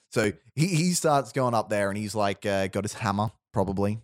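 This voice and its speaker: With a lowish, animated voice, a podcast host rambles through a long, casual story while pitching a film idea. Expect restarts, frequent laughter and quick asides, recorded dry with clean studio sound.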